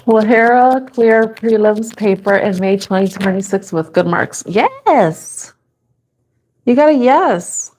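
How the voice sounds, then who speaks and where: A woman doing a casual live-stream tarot reading from her office, playful and giggly, laughing often and repeating each question slowly as she shuffles. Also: fairly high pitch, expressive, a little mellow, a little hiss or hum. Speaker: tarot reader.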